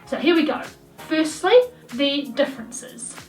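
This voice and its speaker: A woman's voice: high-pitched, measured pace. A young woman with a New Zealand accent, chatting casually to camera in a rambling way with lots of ums. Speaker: vlogger. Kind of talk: casual vlog chat. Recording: roomy echo, voice from a distance, light background music.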